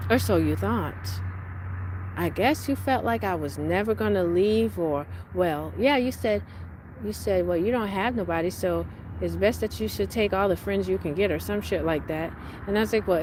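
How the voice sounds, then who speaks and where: Angry cursing woman venting outdoors. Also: a little hiss or hum. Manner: heated, cursing, swings from low mutters to loud outbursts. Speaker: vlogger living in a tent.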